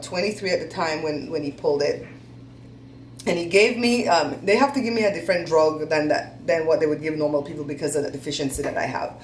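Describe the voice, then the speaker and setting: A woman's voice: fairly low pitch, darkish tone, a little hiss or hum. Chatty woman in an echoey room. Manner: chatty, laughing storyteller with folksy talk. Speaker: host. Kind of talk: casual chat.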